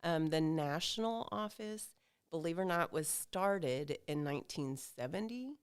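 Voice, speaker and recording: A woman's voice: sits low, animated, unhurried, smooth. A woman guest on a podcast, explaining an organization's work in a matter-of-fact way. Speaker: guest, association officer. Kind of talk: casual podcast interview.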